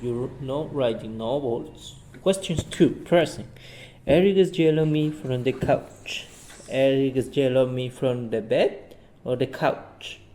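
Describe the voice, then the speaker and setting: Slow, halting man. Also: medium pitch, mellow. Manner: slow and halting, restarts phrases. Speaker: English learner. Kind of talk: answering practice questions and reading aloud.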